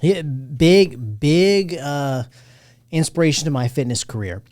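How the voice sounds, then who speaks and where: A man in his thirties hosting a podcast, chatting casually about a movie, animated and jokey, with plenty of swearing. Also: fairly high pitch, slow, no echo, clean studio sound. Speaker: podcast host. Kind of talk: casual movie review chat.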